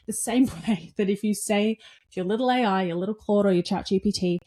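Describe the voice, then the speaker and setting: An energetic woman hosts her own podcast, talking straight to her listeners with a mellow, warm tone. She is blunt and swears freely, and acts out little back-and-forth dialogues in her own voice. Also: medium pitch, a little fast. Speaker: podcast host. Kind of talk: casual motivational talk.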